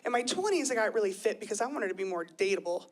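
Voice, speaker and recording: A woman's voice: medium pitch, quick pace. A woman in her thirties doing chatty, self-deprecating live stand-up comedy on a club stage. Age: 30s. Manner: chatty, self-deprecating, lively with quoted voices. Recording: live club audio with crowd laughter.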